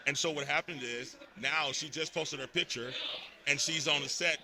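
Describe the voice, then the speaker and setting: A man from Texas, a podcast guest telling stories in a lively, emphatic way at a live event. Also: fairly high pitch, moderate pace, vocal fry, noisy background. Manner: animated storytelling, emphatic repetitions. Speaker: podcast network host, guest. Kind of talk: casual interview talk.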